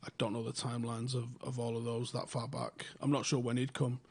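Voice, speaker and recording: A young man, telling a story in casual podcast chat, swearing freely and getting animated when excited. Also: medium pitch, brisk, husky. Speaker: podcast host.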